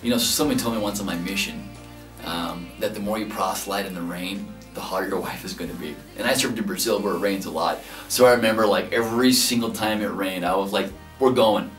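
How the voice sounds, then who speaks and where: A man in his thirties earnestly telling how he proposed, getting animated as he relives his nerves. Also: sits low, fast talker. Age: 30s. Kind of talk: heartfelt interview recollection. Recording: echoey room, distant mic, soft music behind.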